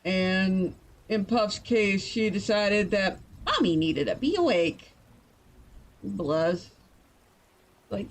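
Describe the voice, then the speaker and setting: A woman's voice: mid-range voice, animated. Tired, chatty woman streamer. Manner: chatty and playful, quick to laugh. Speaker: streamer and writer. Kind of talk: casual live-stream chat.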